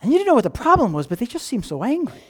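A man's voice: very high-pitched, rapid-fire. A man preaching a sermon, telling a story animatedly and asking the congregation questions. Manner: animated storytelling, acting out characters' lines. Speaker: pastor.

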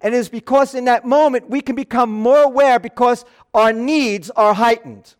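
Pastor, man, higher-pitched nasal voice, earnest chatty sermon delivery. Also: moderate pace, smooth. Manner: earnest, loose asides and restarts. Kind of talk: conversational sermon.

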